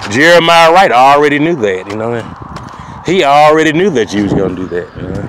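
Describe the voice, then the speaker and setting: A man's voice: medium pitch, lively intonation, fast talker, low-quality recording. Rambling man outside amid traffic noise. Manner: repetitive, keeps asking "you know what I mean". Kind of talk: rambling monologue to camera. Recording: loud outdoor street noise.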